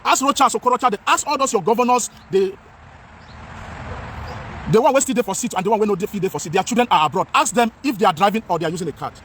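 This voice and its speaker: A man's voice: high-pitched, fast, fairly bright tone, slight background noise. A Nigerian man vlogging outdoors in English mixed with Pidgin, speaking with passion and a lot of repetition. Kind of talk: outdoor talking-head vlog.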